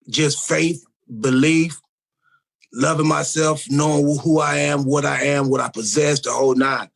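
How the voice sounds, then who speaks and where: High-voiced man, rambling and slangy. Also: creaky, fairly bright tone, low-quality recording. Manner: rambling, slangy, mock-philosophical. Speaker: podcast guest. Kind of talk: casual chat.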